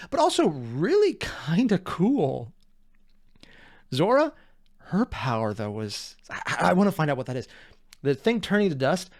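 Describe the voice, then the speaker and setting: An animated man talking through a reaction video, rambling and poking fun at himself. His voice sits a little high and swings lively up and down. The sound is close and dry. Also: dry recording. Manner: animated, rambling, self-deprecating. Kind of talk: casual reaction commentary.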